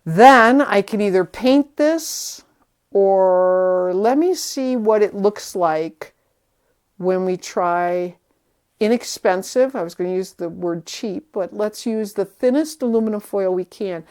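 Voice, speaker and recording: A woman's voice: mid-range voice, slow, darkish tone, clean tone. A woman vlogger talking herself through a hands-on repair project in a chatty, slightly nervous way. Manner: chatty, self-talking while working, nervous. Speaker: vlogger restoring a vintage tree. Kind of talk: casual hands-on how-to narration.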